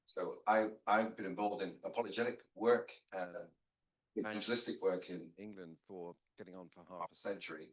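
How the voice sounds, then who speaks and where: A man's voice: low voice, fairly even intonation, moderate pace, fairly bright tone. An older man, a guest theologian on a seminary panel, telling stories in a rambling, self-deprecating conversational way with frequent restarts. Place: seminary lunch room. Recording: roomy echo.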